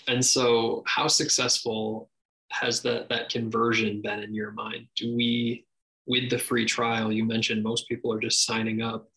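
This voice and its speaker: Flat, bright-voiced male host. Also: medium pitch, unhurried, vocal fry, rough recording. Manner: brief affirmations and business-minded questions. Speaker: podcast host. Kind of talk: interview questions.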